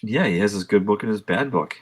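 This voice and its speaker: Low, husky man chatting about a film. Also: brisk. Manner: relaxed, many "like" fillers. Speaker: podcast co-host. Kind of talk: casual film review chat.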